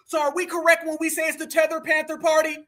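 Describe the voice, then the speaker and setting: A man reacting to a clip on a live stream, talking to his viewers as family in animated, slangy, preachy commentary. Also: extremely high pitch, quick pace. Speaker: livestream commentator.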